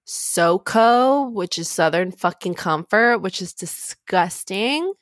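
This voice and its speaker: A young woman in casual podcast chat, talking bluntly and swearing often. She leans hard on her points and is quick to insist she's serious. Her voice sits in a middle range and sounds close and dry, with no room around it. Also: mid-range voice, lively intonation, dry recording. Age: young adult. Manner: blunt and profane, emphatic. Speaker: podcast co-host.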